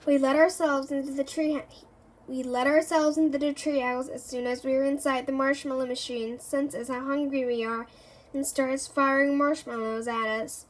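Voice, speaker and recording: A woman reading a children's book aloud for a reading club, in a lively, expressive way. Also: high voice, normal speed. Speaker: reader.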